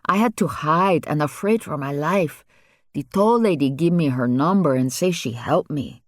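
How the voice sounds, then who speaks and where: A man's voice: fairly high pitch, moderate pace, no echo, studio quality, natural voice. A man voicing a frightened young Hispanic man on the run, speaking broken English with a heavy Spanish accent. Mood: nervous. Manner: broken English, nervous and evasive.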